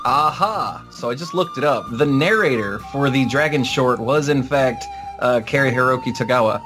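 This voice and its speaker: A man's voice: mid-range voice, animated, normal speed. Eager man chatting over music. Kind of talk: casual chat.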